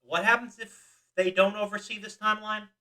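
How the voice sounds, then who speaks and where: A man's voice: high-pitched, level tone, normal speed, bright, forceful tone. A young man co-hosting a casual podcast chat, asking pointed questions and making arguments. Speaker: podcast co-host. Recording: voice a bit far from the mic.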